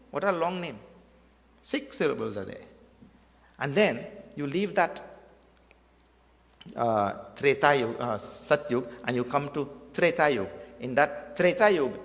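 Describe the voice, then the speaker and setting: A man's voice: medium pitch, a bit bright. A man preaching a devotional sermon, telling a story with rhetorical questions and repeated words for emphasis. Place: temple hall. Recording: long hall reverb.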